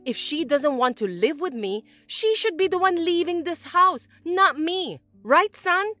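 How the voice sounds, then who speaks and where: A woman voicing a spiteful middle-aged mother-in-law who scolds and complains loudly in an animated text story. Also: very high-pitched, unhurried, dry recording, soft background music, heavily acted. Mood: complaining. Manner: accusing, loud, whiny.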